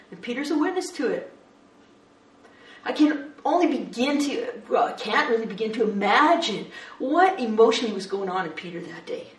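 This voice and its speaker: A woman preaching a sermon, retelling a story, shifting between hushed and lively. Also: mid-range voice. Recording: roomy echo, distant mic.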